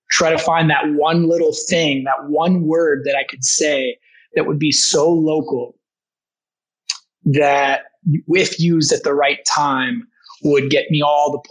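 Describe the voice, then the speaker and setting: A man's voice: fairly high pitch, fairly bright tone, breathy edge, rough recording. A man speaking as a guest language teacher, telling a story in casual conversation with enthusiasm and frequent restarts. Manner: enthusiastic, many restarts, acts out quoted voices.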